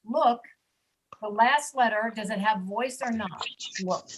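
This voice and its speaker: A woman teaching an online pronunciation class, stretching out words slowly to model each sound. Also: on the high side, slight background noise, low-quality recording. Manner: slow, drawn-out modeling of sounds. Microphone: video call.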